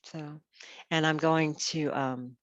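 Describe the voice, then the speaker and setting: A woman's voice: low-pitched, fairly even intonation, takes it slowly, no room sound, highs cut off. A woman host in a casual chat, rambling with lots of "you know" and restarts. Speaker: podcast host.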